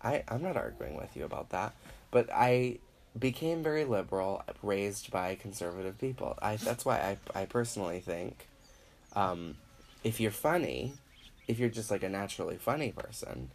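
A man's voice: on the low side, moderate pace, vocal fry, slight background noise. Man rambling with profane comic energy. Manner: rambling, profane, acts out voices of others; animated, grows louder when worked up. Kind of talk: casual comedic monologue.

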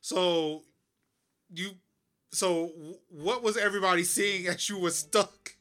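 A woman in casual chat, curious and quick with follow-up questions. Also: lowish voice, fairly bright tone.

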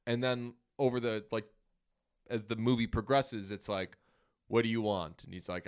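A man's voice: on the low side, fairly even intonation, normal speed, clear, resonant tone. A man chatting casually about a movie, rambling and swearing, acting out characters' lines. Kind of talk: casual movie review chat.

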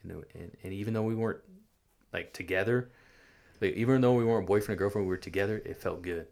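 A man casually telling his faith testimony, halting and repeating words, acting out what people said. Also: lowish voice, gravelly, darkish tone. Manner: halting, repeats words, acts out quoted speech. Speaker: guest sharing his testimony. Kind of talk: casual storytelling conversation.

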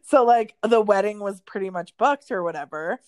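A woman's voice: mid-range voice, normal speed, no room sound. A young woman co-hosting a podcast, telling a story in a casual way with plenty of "like" and laughter. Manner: animated storytelling with frequent "like" and laughter. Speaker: podcast co-host.

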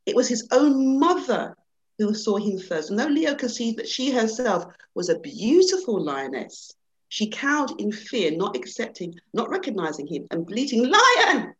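A woman's voice: on the high side, sing-song, moderate pace, darkish tone, muffled recording. A middle-aged woman, a panel guest, who talks reflectively and then reads a story aloud with dramatic swings over a video call.

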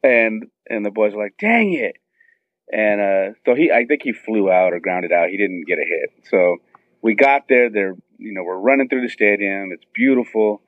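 A middle-aged man excitedly telling a long story and acting out what everyone said, heard over a phone line. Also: fairly low pitch, normal speed, no echo. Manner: excited, tells it with many quoted voices. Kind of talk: animated storytelling on a phone call. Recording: tinny phone line, dry.

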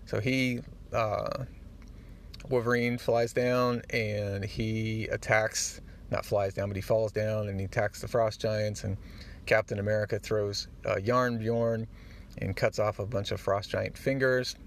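A man hosting a podcast, retelling a comic book in a casual, animated way and getting choked up at the moving parts. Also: on the low side, a little slow, creaky. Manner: animated storyteller, acts out the dialogue; easily moved, gets choked up. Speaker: podcast host.

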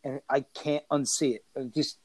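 A man co-hosting a podcast, telling stories in a profane, animated way in casual chat. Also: medium pitch, normal speed. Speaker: podcast co-host.

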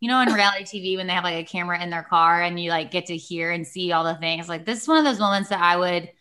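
Young woman co-host, bright edge, animated casual storyteller. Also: lowish voice, quick pace. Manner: dramatic, animated storytelling with frequent "like". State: pregnant. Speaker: podcast co-host. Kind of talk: casual podcast chat. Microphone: remote call mic.

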